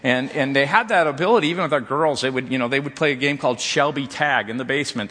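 A man's voice: mid-range voice, sharp tone, big-room sound. A middle-aged man preaching a sermon, telling a story in a loose way with many restarts and repeated "and". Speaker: pastor.

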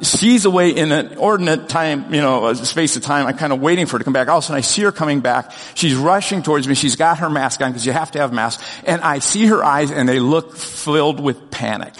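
A middle-aged man preaching a sermon, telling a personal story in an earnest, animated way with frequent restarts. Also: fairly high pitch, brisk, few pauses, big-room sound. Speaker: pastor.

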